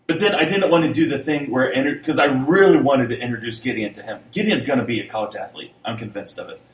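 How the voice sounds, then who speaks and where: A man's voice: mid-range voice, fast. A middle-aged man, co-hosting a podcast, rambling and often laughing in casual chat. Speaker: podcast co-host. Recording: roomy, distant mic with faint noise.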